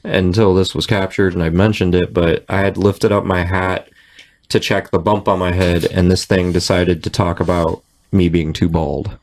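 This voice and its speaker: A deep-voiced American man hosts a casual podcast chat. He talks in a relaxed, loose way and drops in fillers as he goes. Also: normal speed. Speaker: podcast host.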